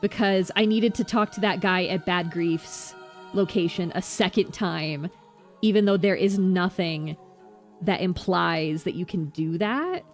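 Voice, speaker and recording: A woman streaming herself playing a game, commenting casually, reacting loudly and swearing freely. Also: lowish voice, unhurried, soft background music. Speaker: vtuber streamer.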